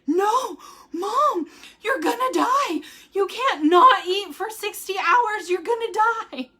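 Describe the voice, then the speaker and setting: A woman's voice: high-pitched, moderate pace, bright, forceful tone. A woman voicing a panicked ten-year-old boy near tears, pleading frantically.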